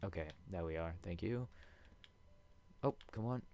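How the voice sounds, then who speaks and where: A man's voice: sits low, measured pace, warm tone. A young man giving rambling, casual commentary on his own gameplay, chatting with viewers and laughing often. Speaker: let's play host.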